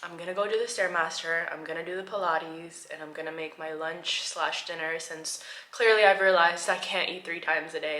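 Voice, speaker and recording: A woman in her twenties talking candidly in a casual vlog diary, swinging between soft murmurs and excited bursts. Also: fairly low pitch. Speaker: vlogger. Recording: echoey room.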